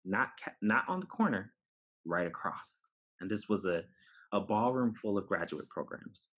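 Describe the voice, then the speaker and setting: A man from New York City with a low, slightly husky voice tells a personal story as a podcast guest. He is animated and acts out the dialogue of the people in his story. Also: normal speed. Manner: animated, acts out dialogue, laughs while telling.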